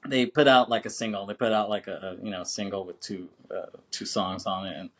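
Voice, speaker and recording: A man's voice: fairly low pitch, fairly even intonation, fairly quick, fairly bright tone. A man co-hosting a film podcast, chatting casually, laughing often, swearing freely and saying "you know what I'm saying" a lot. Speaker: podcast co-host.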